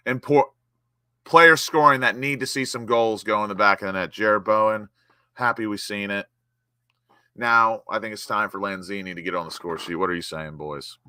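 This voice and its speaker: A young man from the United States hosting a live football watchalong, chatting casually and bursting into excited shouts when his team attacks. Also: lowish voice, normal speed, clean tone, dry recording. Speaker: watchalong host. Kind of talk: live match watchalong commentary.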